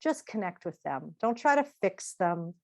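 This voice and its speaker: A middle-aged woman speaking at a parenting seminar, lively, asking the audience questions and acting out quotes. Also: fairly low pitch, moderate pace, no echo, studio quality.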